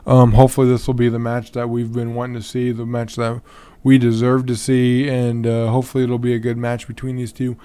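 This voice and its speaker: A man's voice: medium pitch, monotone, fairly quick, dark tone, clean tone. A man hosting a podcast on his own in a casual, rambling way, full of ums and restarts, yawning and tired. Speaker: podcast host. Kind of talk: casual solo podcast talk.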